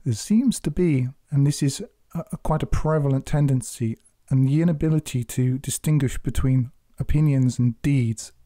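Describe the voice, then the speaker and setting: Deep, mellow man giving earnest commentary. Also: no echo, clean studio sound. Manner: measured, deliberate, earnest exhortation. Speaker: Quran commentator. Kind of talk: spoken scripture commentary.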